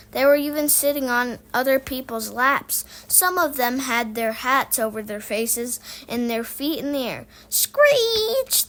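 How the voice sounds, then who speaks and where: A woman reading a children's book aloud, lively and voicing the sound effects. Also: sits high, low-quality recording. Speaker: reader.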